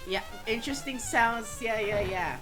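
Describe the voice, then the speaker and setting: A woman's voice: fairly high pitch, normal speed, music in the background, poor audio. A woman streaming a horror game, reacting with jumpy swearing and chatting with her viewers. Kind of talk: live gameplay commentary.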